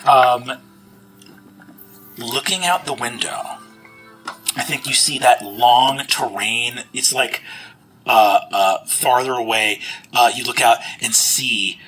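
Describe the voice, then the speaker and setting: A man running a tabletop game as game master, with a bright, forward voice at a middle pitch. He walks the players through each scene with loose, descriptive narration. He leans on "you see" and plenty of fillers as he goes. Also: slow, pauses often, faint music behind, rough recording.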